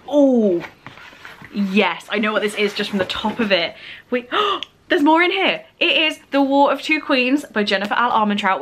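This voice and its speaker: A woman's voice: on the high side, slight background noise. A young woman, gushing as she opens birthday presents in a casual vlog. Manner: gushing, excitable, squeals with delight. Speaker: book vlogger.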